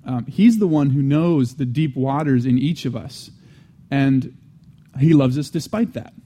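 A man's voice: medium pitch, a little slow, dark tone. A man giving an earnest teaching sermon, restating key phrases and adding conversational asides between restarts. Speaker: Christian teacher.

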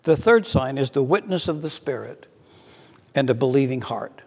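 A man's voice: mid-range voice, lively intonation, a little mellow, husky. Preacher man in a reverberant hall. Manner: earnest, slows down to read scripture aloud. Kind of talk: sermon.

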